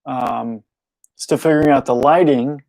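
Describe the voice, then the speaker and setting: A man's voice: mid-range voice, unhurried, vocal fry, a little mellow, no room sound, poor audio. A young man hosting a loose, unscripted show at home, rambling and correcting himself as he goes and chuckling often. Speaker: podcast host. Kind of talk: casual unscripted monologue. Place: home room, lit with a clamp light.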